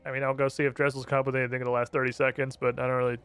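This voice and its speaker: A man's voice: medium pitch, flat delivery, racing, a bit bright, clean tone, soft background music. Sarcastic swearing male game streamer. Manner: sarcastic, profane, laughs at himself. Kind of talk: casual gameplay commentary.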